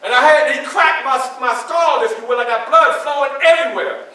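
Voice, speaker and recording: In a one-man storytelling performance set in a library event room, a living-history actor portrays Frederick Douglass and tells the audience directly of his enslavement. The very high voice moves a little fast with a bright, sharp, dramatic edge, captured from afar in a reverberant hall.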